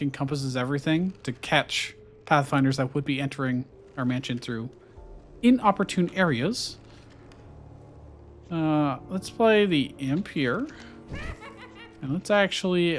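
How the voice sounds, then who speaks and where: A man streams his own gameplay and talks through his choices in a relaxed, thinking-aloud manner, filling pauses with lots of ums and ahs. His voice sits slightly high, and he's hiccuping as he goes. Soft music plays in the background of this casual let's-play commentary.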